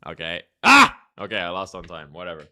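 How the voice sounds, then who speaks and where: A young man streaming chess, chatting casually with viewers and thinking out loud in a laid-back way, with keyboard clicks behind. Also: low-pitched, normal speed, smooth. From Ireland. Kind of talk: casual live-stream chat while playing chess.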